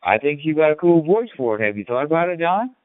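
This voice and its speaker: A man's voice: on the high side, big pitch swings, fast, no echo. A man in his sixties from Illinois with a slight Southern twang, chatting in a rambling, folksy way on a ham radio net. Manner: rambling, folksy storyteller with many fillers. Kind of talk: casual radio chat. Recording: tinny radio transmission.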